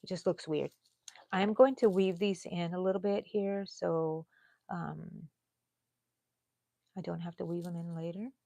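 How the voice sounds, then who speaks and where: A woman of sixty with a Texan accent, hosting a live crochet stream in a casual, chatty way and dropping to low mutters and whispers as she counts stitches. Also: fairly even intonation, measured pace, creaky, pauses often, mellow, no room sound. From Texas. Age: 60s.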